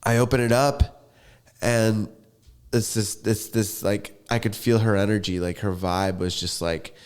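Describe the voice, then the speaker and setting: A man's voice: on the low side, steady tone, a little slow, darkish tone, smooth. A man hosting a podcast, laid-back and affirming, chatting in a casual, slangy way. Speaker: podcast host. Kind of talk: casual interview chat.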